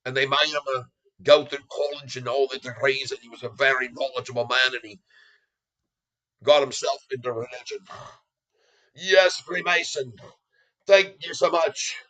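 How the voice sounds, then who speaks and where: A man's voice: medium pitch, flat delivery, brisk, pushed and bright, low-quality recording. A man hosting a stock market livestream, rambling in a playful put-on Irish accent with theatrical, chuckling asides. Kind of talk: rambling casual livestream chat.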